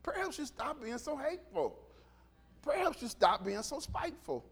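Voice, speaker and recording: Male pastor, middle-aged, very high voice, lively sermon delivery, acts out dialogue. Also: normal speed, husky. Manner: animated, swings from quiet asides to shouting, acts out dialogue.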